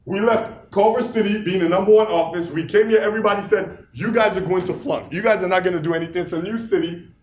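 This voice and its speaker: A man's voice: sits high, fast talker, few pauses, echoey room, a little hiss or hum. A man leading an office meeting with a motivational speech, asking the crowd rhetorical questions and repeating phrases for emphasis. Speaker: office leader giving a motivational talk.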